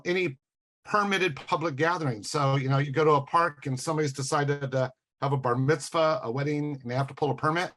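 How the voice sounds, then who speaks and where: A man's voice: on the high side, fairly bright tone. A man appearing as a podcast guest, explaining things point by point with dry sarcasm. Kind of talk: casual podcast discussion.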